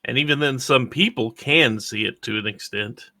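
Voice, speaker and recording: A man's voice: mid-range voice, normal speed, vocal fry, bright, forceful tone, no echo, clean studio sound. A man playing in a tabletop game, explaining things in a matter-of-fact way. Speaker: player.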